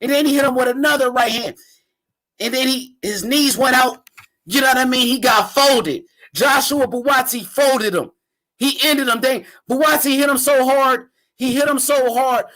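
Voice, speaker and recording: A man's voice: very high voice, moderate pace, sharp tone. A young man hosting a casual live reaction to a boxing fight, talking in slang and repeating himself as he hypes the fighters. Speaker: boxing commentator, channel host.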